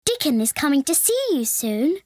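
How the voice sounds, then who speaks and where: A man doing a high little girl. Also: very animated, moderate pace. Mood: matter-of-fact.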